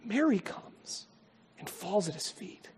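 A male pastor preaching a sermon with emphasis, moving between loud declarations and hushed, tender passages. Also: sits high, very animated, slow, slightly rough. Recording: long hall reverb.

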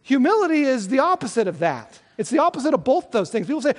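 A man's voice: very high-pitched, very animated, quick pace, few pauses, long reverb tail. A man preaching a sermon as pastor, earnest and conversational, often restarting his sentences.

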